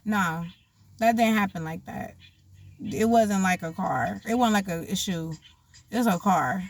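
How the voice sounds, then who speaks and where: A young woman telling a story casually, animated and profane, acting out the voices of the people in it. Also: mid-range voice, measured pace.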